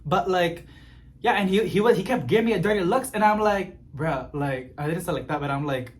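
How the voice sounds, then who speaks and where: Expressive man venting a story. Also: high voice, brisk, a little hiss or hum. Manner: expressive, gets animated and exasperated while venting. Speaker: plant vlogger. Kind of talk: casual storytelling chat.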